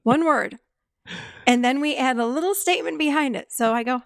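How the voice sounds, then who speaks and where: A woman's voice: high-pitched, moderate pace, gravelly, no echo, studio quality. A middle-aged woman talking casually as a podcast guest, telling a story with acted-out quotes and frequent laughs. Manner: animated storytelling, acts out quoted lines, laughs often.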